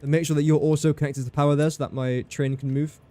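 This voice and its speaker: A man's voice: on the high side, little pitch movement, fast, dark tone. Chatty man thinking aloud while gaming. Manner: thinks aloud, chatty, talks to the game and to chat. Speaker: game streamer. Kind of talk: live gameplay commentary.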